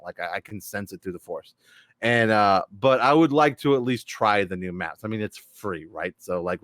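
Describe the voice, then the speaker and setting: A man's voice: fairly low pitch, no room sound, studio quality. A man hosting a casual gaming podcast stream, reading viewer comments aloud in a loose, laughing, swear-laden way. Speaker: podcast host.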